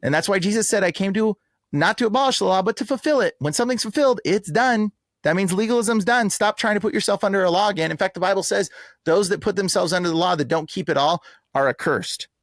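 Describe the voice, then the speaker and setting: Man ranting fast and emphatic, says bro a lot, dry close-up sound. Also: high voice, no room sound. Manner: animated, emphatic, slangy with frequent "bro" and "like". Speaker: exorcist guest. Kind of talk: casual podcast interview.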